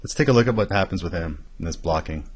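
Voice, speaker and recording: A man walking through an animation tutorial, explaining each step in a steady way. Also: low voice, fast talker. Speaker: animation instructor. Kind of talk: screen-recorded tutorial.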